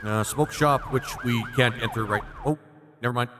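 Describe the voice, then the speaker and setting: A man's voice: mid-range voice, moderate pace, background noise. A man streaming a video game, rambling and laughing in casual commentary. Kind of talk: casual let's-play commentary. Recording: roomy reverb with game music.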